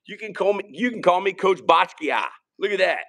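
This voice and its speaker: Gravelly high-voiced man. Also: expressive, moderate pace. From Richmond, Virginia. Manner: rambling, shouting out viewers, joking. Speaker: podcast co-host. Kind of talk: casual live-stream chat.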